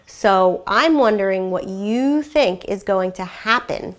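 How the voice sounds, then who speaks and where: A woman kindergarten teacher reading a picture book aloud, explaining words gently and pausing to ask the children questions. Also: medium pitch, lively intonation. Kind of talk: read-aloud lesson for young children.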